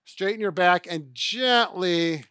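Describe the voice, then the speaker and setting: A middle-aged man talks through stretches in a loose, chatty way, circling back and correcting himself as he goes. His voice is bright and forceful, sitting a little high, and the recording is dry with no room echo. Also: moderate pace. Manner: chatty, self-correcting, demonstrates exercises. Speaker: physical therapist co-host. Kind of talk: casual instructional chat.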